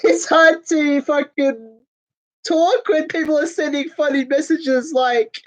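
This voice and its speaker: A woman's voice: high voice, fairly even intonation, slow pace, rough recording. A woman hosting a casual chat with viewers, talking in crude, sweary, giggly banter. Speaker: host chatting with viewers.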